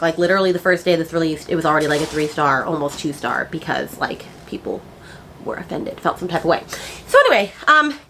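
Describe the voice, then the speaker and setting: A woman's voice: on the low side, a bit bright, a little hiss or hum. A woman book vlogger chatting casually and ranting with exasperated asides. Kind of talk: casual chat.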